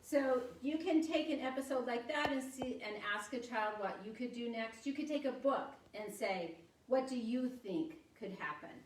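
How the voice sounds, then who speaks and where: Older woman, chatty storytelling teacher, fairly high voice, echoey room, distant mic. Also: normal speed, hardly any pauses, slight background noise. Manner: chatty, acts out short voiced examples. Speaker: parenting workshop presenter. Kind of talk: informal teaching talk.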